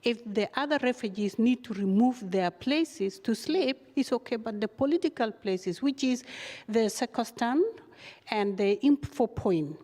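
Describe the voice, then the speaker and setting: Woman guest, halting speech with lots of fillers, talk recorded in a hall. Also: on the high side. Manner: halting, many fillers, animated retelling. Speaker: guest, refugee activist. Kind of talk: casual interview storytelling. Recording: long hall reverb.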